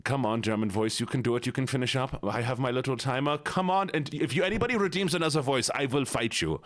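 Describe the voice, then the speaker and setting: A man's voice: medium pitch, fast, fairly bright tone. A man streaming live, casually chatting and playfully greeting his viewers one by one. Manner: chatty and joking. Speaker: livestreamer. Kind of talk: casual livestream chat.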